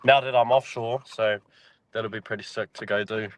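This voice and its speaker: A man's voice: on the low side, steady tone, moderate pace, slight background noise. A man from New Zealand with a New Zealand accent, chatting casually as a podcast guest, laid-back and swearing freely. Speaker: podcast guest, mine worker. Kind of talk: casual chat.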